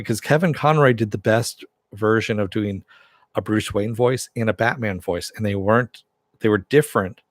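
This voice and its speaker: Rambling low-voiced man hosting a live chat. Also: dry recording, clean studio sound. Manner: rambling, self-deprecating, chuckles often. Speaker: live stream host. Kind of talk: casual live-stream chat reading comments.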